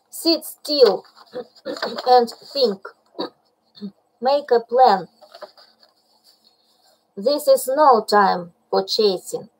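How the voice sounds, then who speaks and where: A woman's voice: on the high side, darkish tone, full character voice, poor audio. A woman voicing a stern male black panther in a storybook reading, impatient and scolding. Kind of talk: audiobook reading.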